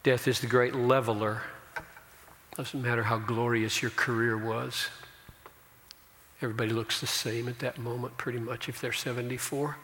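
A man preaching a sermon as a pastor, slow and emphatic, swelling into loud declarations. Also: mid-range voice, flat delivery, big-room sound, a little hiss or hum.

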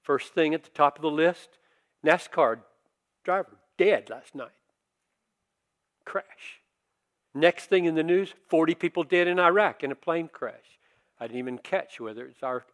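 An older man preaching a sermon, talking conversationally and rising to forceful emphasis. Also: fairly high pitch, lively intonation, moderate pace. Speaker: pastor.

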